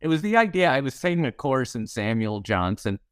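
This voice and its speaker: A man's voice: medium pitch, very animated, brisk, smooth, no echo, studio quality. A man in his sixties, a comedy writer, telling wry anecdotes in a podcast interview and acting out the lines of people in his stories. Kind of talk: storytelling interview chat.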